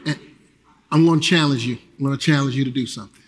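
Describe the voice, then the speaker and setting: A man preaching a sermon as pastor, energetic and earnest, repeating phrases and swinging between loud calls and quiet lows. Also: fast. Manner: repeats phrases and restarts with a casual preaching rhythm. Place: church sanctuary. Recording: long church hall reverb.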